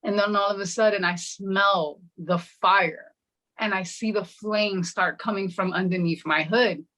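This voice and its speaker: A middle-aged woman sharing her personal testimony in an interview, telling her story with animated energy and acting out what people said. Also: medium pitch, unhurried. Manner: animated, acts out quoted dialogue.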